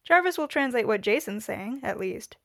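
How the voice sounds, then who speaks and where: A woman's voice: fairly high pitch, animated, normal speed, no echo, clean studio sound. A woman voicing a brash, wry male inventor who gives clipped, matter-of-fact commands while reading a story aloud. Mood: grim, brisk.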